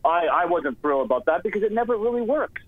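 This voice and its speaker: A man calling in to a sports talk show over a tinny phone line, his voice on the high side. He rambles and turns sarcastic, with lots of fillers. The line sounds dry, with no room around it. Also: expressive, quick pace, dry recording. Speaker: caller. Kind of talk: sports radio call-in.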